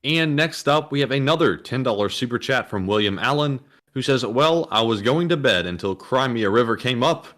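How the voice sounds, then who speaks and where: A man's voice: mid-range voice, lively intonation, normal speed, hardly any pauses, a bit bright. Easygoing man reading chat messages. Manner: plain, reads out messages, stumbles over words. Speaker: co-host reading viewer messages. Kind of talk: casual livestream chat.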